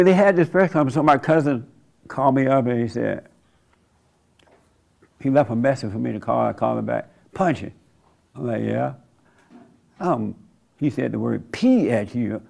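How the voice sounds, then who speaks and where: A man's voice: on the high side, creaky. A man in his seventies giving a folksy, conversational sermon monologue as a church host, often laughing and mocking. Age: 70s.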